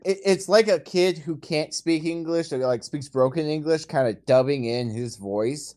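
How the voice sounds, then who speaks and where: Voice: mid-range voice, moderate pace, darkish tone. A podcast co-host in casual chat, recapping a film's plot with dry sarcasm.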